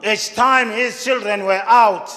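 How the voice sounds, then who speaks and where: Preacher, male, high voice, short phrases left for interpreter, long hall reverb. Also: fairly even intonation, slow, bright, forceful tone. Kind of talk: sermon with live interpretation. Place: large church hall.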